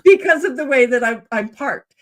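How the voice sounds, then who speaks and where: A woman's voice: sits high, moderate pace. A middle-aged woman hosting a casual livestream, telling rambling stories and checking in with her listener. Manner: chatty, rambling, animated, checks in with "okay?". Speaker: livestream host. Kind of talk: casual storytelling chat.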